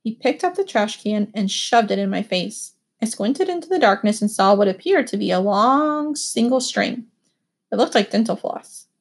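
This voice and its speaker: A woman giving expressive, animated first-person audiobook narration. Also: mid-range voice, normal speed.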